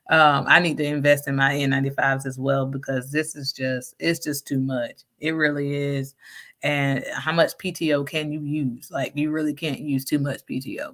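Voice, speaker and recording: A woman's voice: low-pitched, a bit bright. A woman chatting casually through viewer comments, frank and sassy, laughing often. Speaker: vlogger reading viewer comments. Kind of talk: casual live chat.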